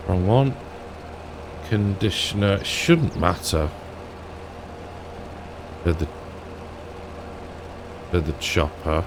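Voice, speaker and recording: Low-voiced male gaming YouTuber, slow, rambling and chuckly casual commentary. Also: lively intonation, noisy background. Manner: rambling, thinking aloud, chuckling.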